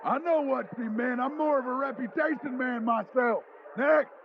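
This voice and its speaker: A man playing a gruff older football coach and war veteran, curt and dismissive. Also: very high voice, normal speed. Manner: curt, dismissive, barking orders. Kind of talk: comedic character sketch. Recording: lo-fi phone-like audio with faint hiss.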